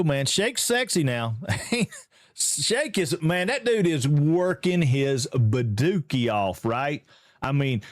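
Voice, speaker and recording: A man from Georgia with a Southern American accent, hosting a live game stream in casual, upbeat chat and greeting viewers excitedly. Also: on the high side, no room sound, clean studio sound. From Georgia, USA.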